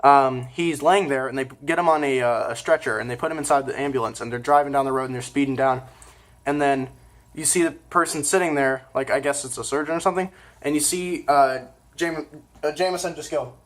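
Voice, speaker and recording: A man's voice: mid-range voice, fairly even intonation, a little fast. A man giving a casual movie review, rambling, with lots of fillers and self-corrections. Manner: informal and offhand.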